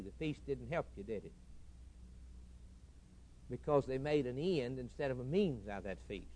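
A man preaching a sermon, building long repeated lists and swinging between loud emphatic lines and quiet, hushed ones. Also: mid-range voice, lively intonation, normal speed, pauses often. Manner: swells loud for emphasis, then drops to a hushed tone.

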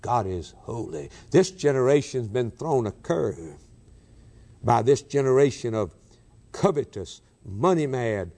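Man, preacher, sermon, lively rising and falling pitch, loud then hushed. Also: unhurried. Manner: dramatic preaching with sudden swings from loud to hushed.

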